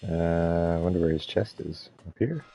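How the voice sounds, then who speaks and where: A man's voice: sits low, normal speed, warm tone, slightly rough. A man giving casual, chatty gameplay commentary as a let's play host, laughing often.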